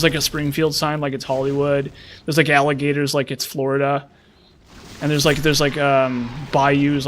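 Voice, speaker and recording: A man's voice: fairly high pitch, a bit bright, a little hiss or hum. A man from the western United States in a rambling casual chat, full of fillers and restarts. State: frazzled. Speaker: streamer.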